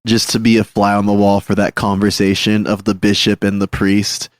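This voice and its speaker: A man's voice: on the low side, monotone, moderate pace. A man co-hosting a church history podcast, joking around in casual chat. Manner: jokey, acts out voices in quotes. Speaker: podcast co-host.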